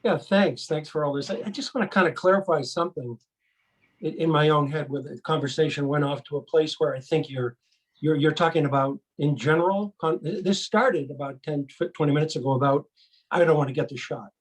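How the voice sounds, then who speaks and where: A man with a somewhat high, husky voice, talking in a casual group discussion. He stumbles and repeats words as he works out his question. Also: low-quality recording. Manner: halting, repeats words, restarts. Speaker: discussion participant.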